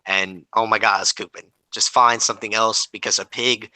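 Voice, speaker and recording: A man's voice: fairly low pitch, fairly even intonation, moderate pace, sharp tone, no room sound, poor audio. A man co-hosting a casual podcast chat, blunt and joking. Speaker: podcast co-host.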